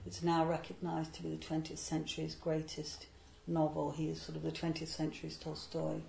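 A woman, a literary translator, explaining a poet's life in a digressive way and reading verse slowly and deliberately. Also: low voice, monotone, creaky, mellow, echoey room, a little hiss or hum, rough recording. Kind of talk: talk on poetry with a verse reading.

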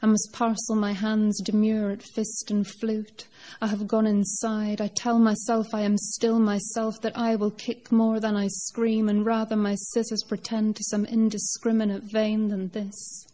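Woman poet reading live, slow deliberate lines, even pitch, mellow tone. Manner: measured, deliberate recitation.

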